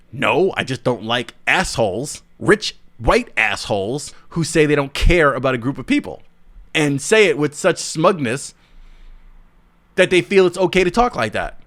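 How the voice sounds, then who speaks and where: A man's voice: fairly high pitch, big pitch swings, measured pace, fairly bright tone. A man hosting his own podcast, giving an emphatic, heated commentary monologue with sarcastic asides. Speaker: podcast host.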